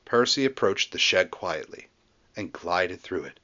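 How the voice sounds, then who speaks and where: Expressive man reading a storybook. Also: sits low, unhurried, muffled recording. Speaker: storybook reader. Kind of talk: children's story narration.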